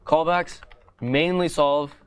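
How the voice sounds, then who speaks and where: A man's voice: on the high side, steady tone, slow pace, clean tone. A man teaching a coding bootcamp lecture in a classroom, explaining step by step in a casual way and often asking "right?".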